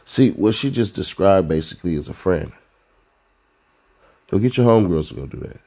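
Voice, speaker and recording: A man's voice: low-pitched, animated, moderate pace, mellow. A man hosting a commentary rant, blunt and profane, lecturing viewers with rhetorical questions. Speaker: commentary host.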